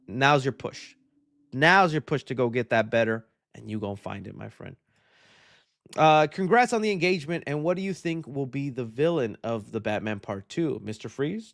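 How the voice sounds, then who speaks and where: A young man hosting a live stream, reading viewer questions out loud and answering them in a chatty, upbeat way. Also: a little high. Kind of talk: casual live-stream chat.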